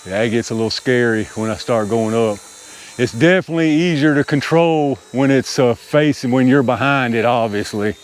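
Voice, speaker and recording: Outdoors in a small clearing, a man running an RC hobby channel narrates casually as he pilots a model helicopter, addressing viewers and laughing off his panicky moments. He speaks at medium pitch and normal speed over slight background noise.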